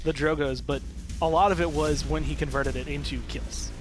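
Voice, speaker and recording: A man co-casting an esports match, giving measured analysis with occasional dry asides. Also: a little high, fairly even intonation, over music. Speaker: esports co-caster. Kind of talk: live esports commentary.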